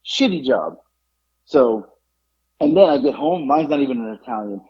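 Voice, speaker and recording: A man hosting a podcast, telling a story in an animated, exasperated way over dull lo-fi audio. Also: mid-range voice, moderate pace, breathy edge. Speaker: podcast host. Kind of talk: casual chat, storytelling.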